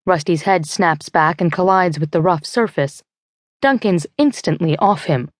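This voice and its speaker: Low, dry-voiced woman narrating. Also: no echo. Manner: tense, measured storytelling. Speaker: audiobook narrator. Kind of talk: first-person scripted narration. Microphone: close studio mic.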